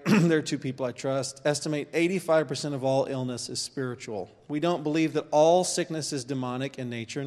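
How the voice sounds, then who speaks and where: A man teaching an informal church course, talking conversationally with pauses and reading scripture aloud. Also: medium pitch, a little mellow. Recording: long hall reverb.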